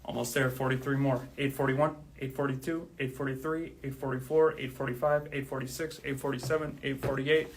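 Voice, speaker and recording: A man's voice: mid-range voice, steady tone, fairly quick, hardly any pauses, a little hiss or hum. A man talking casually on his own livestream, counting steadily and then thanking listeners, out of breath. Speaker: drummer streaming live.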